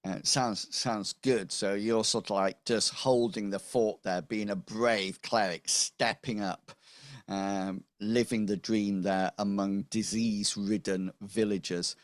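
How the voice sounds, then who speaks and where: A man's voice: lowish voice, steady tone, slow pace, dry recording. A man narrating as game master for a tabletop game, rambling with many fillers.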